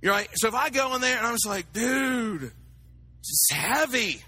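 A man preaching a sermon, animated and talking to his congregation with acted asides. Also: very high voice, moderate pace, breathy edge. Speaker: pastor.

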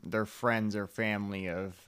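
A man's voice: lowish voice, fairly even intonation, a little slow, a bit bright, clean tone. A man hosting a podcast, talking in a laid-back way with casual swearing. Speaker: podcast host. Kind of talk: casual interview chat.

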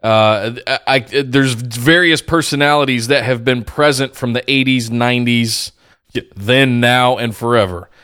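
A man's voice: mid-range voice, measured pace, a bit bright, smooth, dry recording, studio quality. A man co-hosting a casual wrestling podcast, talking reflectively and searching for words. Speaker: podcast co-host.

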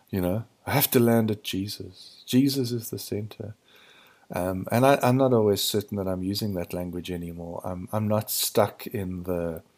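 Gravelly low-voiced man musing. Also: darkish tone. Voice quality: gravelly morning voice. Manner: searching, hesitant, restarts to find words. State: hoarse from early morning. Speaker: podcast host. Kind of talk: reflective spiritual monologue.

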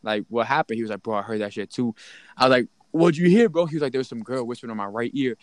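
A young man telling a story in casual chat, in an animated, slang-heavy way. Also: mid-range voice, rapid-fire, dry recording.

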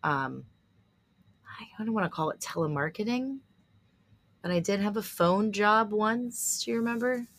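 Chatty bright-voiced woman podcaster. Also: mid-range voice, moderate pace, pauses often, a little hiss or hum. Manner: chatty, speculative, laughs often. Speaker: podcast co-host. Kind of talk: casual movie chat.

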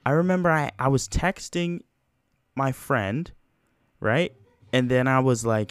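A man's voice: mid-range voice, lively intonation, unhurried, long pauses, clear, resonant tone, no echo. A young man hosting a casual solo podcast, telling a story in a rambling, self-mocking way with lots of slang. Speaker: podcast host.

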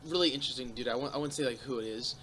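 A man's voice: mid-range voice, very fast, noisy background. A man telling stories in a casual comedy podcast chat, acting out the voices of people in his stories. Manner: animated storyteller acting out voices. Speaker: comedian guest.

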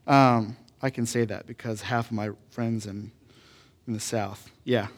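A man's voice: medium pitch, unhurried. A man in his thirties, a pastor preaching a conversational sermon with repeated rhetorical questions. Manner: animated and repetitive, full of rhetorical questions.

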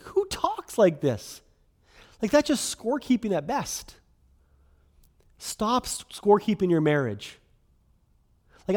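Pastor guy in his 30s preaching, kinda high voice, super chatty, lots of "like" and "right?". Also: darkish tone. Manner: conversational, peppered with "right?" and "like". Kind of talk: sermon.

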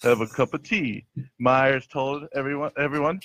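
A man hosting a jokey podcast chat, delivering bits with a deadpan tone. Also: mid-range voice, moderate pace, no room sound. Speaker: host. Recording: dry, dull lo-fi sound.

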